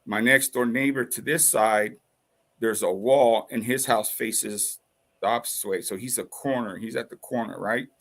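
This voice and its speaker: A man with a gravelly, creaky voice tells a personal story in loose, casual talk. He rambles, swears freely, and fills the gaps with fillers and restarts. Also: lowish voice, moderate pace, fairly bright tone. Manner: rambling, profane, full of fillers.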